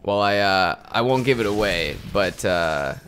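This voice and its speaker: A man's voice: lowish voice, expressive, measured pace, fairly bright tone, slight background noise. A young man co-hosting a let's play, chatting casually, laughing often and coaching his partner through the game. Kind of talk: casual gameplay chat.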